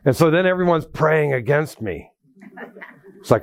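A man's voice: sits high, unhurried, pauses often, no echo. A middle-aged man preaching a sermon, telling personal stories with asides to the congregation. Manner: folksy storytelling with asides to the congregation. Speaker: pastor.

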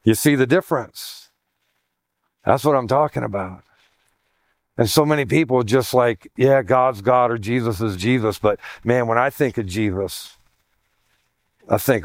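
A man's voice: mid-range voice, a little slow, long pauses, no echo, clean studio sound. Emphatic middle-aged man preaching. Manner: emphatic, repeats points, folksy asides. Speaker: pastor. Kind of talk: conversational sermon.

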